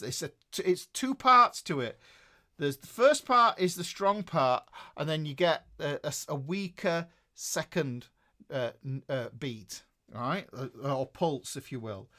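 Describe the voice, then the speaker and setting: Brief: Northern English male guitar tutor, middle-aged, animated rising-and-falling delivery, fairly high voice, keeps checking in with viewers. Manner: chatty, self-correcting, checks in with listeners. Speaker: guitar teacher. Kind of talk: live-streamed guitar lesson.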